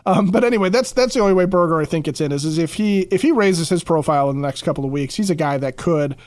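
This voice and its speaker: A man co-hosting a casual sports podcast, talking quickly and repeating words as he starts his thoughts. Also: on the high side, a little mellow, dry recording. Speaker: podcast co-host.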